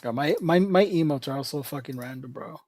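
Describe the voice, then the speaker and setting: A male livestreamer chats loosely with his viewers, swearing freely and laughing between thoughts. His voice sits somewhat high for a man. The sound is dry, with no room echo. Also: a little fast, a little mellow. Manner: rambling, profane, laughs often. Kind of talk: casual livestream chat.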